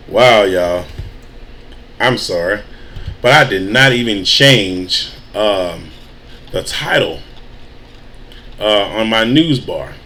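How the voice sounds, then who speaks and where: A man's voice: on the low side, animated, very slow, long pauses, sharp tone. A man hosting an emotional news commentary stream, pleading and preaching with rising rhetorical questions.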